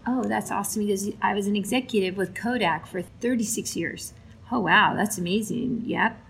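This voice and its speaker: A woman's voice: mid-range voice, creaky, a little hiss or hum, low-quality recording. A woman from Alaska casually retelling stories about veterans, acting out the dialogue. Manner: animated retelling with quoted dialogue. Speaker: storyteller for a veterans' flight charity. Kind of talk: casual spoken storytelling.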